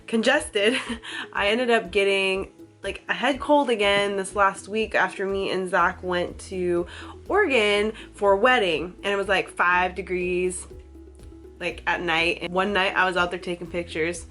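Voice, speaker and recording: A woman's voice: mid-range voice, fairly even intonation, measured pace, a bit bright, soft background music. A woman fitness vlogger with a congested, nasal voice from a head cold, talking in a chatty, rambling way with frequent laughs and fillers. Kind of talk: casual educational vlog.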